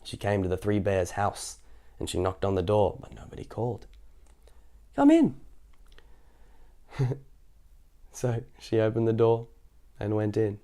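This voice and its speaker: A man's voice: lowish voice, flat delivery, normal speed, dark tone. A man reading a children's picture book aloud, in a playful way with chatty asides between passages. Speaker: children's story reader.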